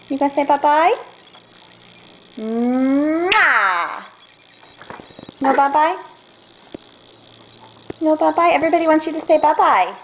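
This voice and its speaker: A woman's voice: high voice, very animated, poor audio. A young mother talking to her toddler at home in coaxing, sing-song baby talk. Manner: sing-song, drawn-out questions.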